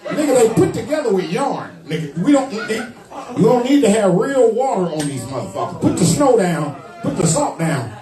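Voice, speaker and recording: A man with a very high voice, working through a rowdy stand-up roast with crude slang. His pitch swings all over the place as he tells his stories. The sound is echoey and distant, with a crowd laughing all around him. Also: big pitch swings, moderate pace, over music. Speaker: stand-up comedian. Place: comedy club stage.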